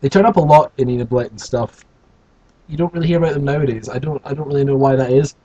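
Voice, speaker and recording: A man's voice: medium pitch, steady tone, fast, warm tone, husky, lo-fi sound. A man reading a children's story aloud and breaking off for sarcastic, rambling asides. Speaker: host reading a children's book.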